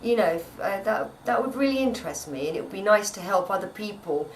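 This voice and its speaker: A woman's voice: medium pitch, lively intonation, fast, far from the mic, slight background noise, poor audio. An actress chatting at home in an interview, rambling and often repeating her words. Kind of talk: casual interview chat. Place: at home, indoors.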